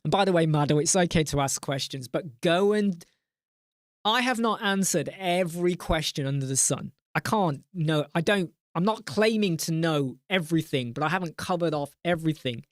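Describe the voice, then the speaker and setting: A man's voice: on the high side, expressive, moderate pace, no room sound, studio quality. A man hosting a casual live chat, rambling and joking, reading out viewer names in a mock-exasperated way. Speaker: live stream host.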